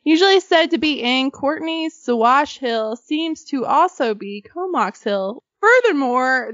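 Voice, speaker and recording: A woman's voice: high-pitched, fairly bright tone, dry recording, lo-fi sound. A woman co-hosting a casual podcast, reading ghost stories aloud with jokey asides, frequent laughter and swearing. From Arkansas. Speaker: podcast co-host.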